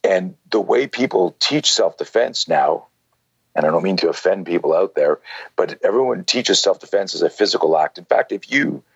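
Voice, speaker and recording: Deep husky-voiced man in his sixties. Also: lively intonation, moderate pace, dry recording, highs cut off. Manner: rambling, lots of "you know" and "like". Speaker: self-defense instructor, guest. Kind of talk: conversational storytelling.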